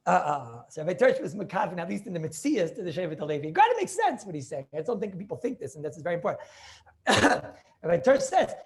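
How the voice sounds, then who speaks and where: A man's voice: high-pitched, creaky. A man teaching a Talmud class over a video call, thinking aloud with many restarts and questions to his students.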